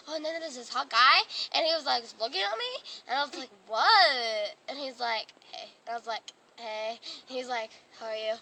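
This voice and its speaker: A teenage girl telling a rambling comic story in a vlog, giggly and full of fillers. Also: sits high. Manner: giggly, filler-heavy with constant "like". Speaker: vlog host. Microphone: phone. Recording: phone recording with loud hiss.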